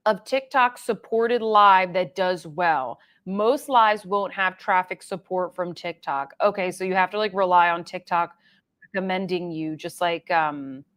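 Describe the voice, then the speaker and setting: A woman's voice: lowish voice, fairly bright tone. A young adult woman hosting a casual livestream, chatting loosely and reading viewer comments aloud with plenty of fillers. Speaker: livestream host.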